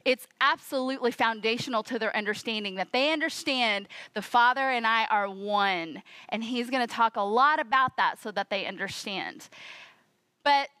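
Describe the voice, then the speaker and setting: A woman preaching a sermon, expressive, acting out the quoted voices of the scene. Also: fairly high pitch, normal speed, no echo.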